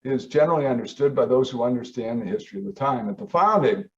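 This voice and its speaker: A man's voice: mid-range voice, lively intonation, quick pace, a little mellow. Emphatic older male professor, distant dull sound. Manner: emphatic, rhetorical questions, quoting founding texts. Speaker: host, professor. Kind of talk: lecture-style commentary.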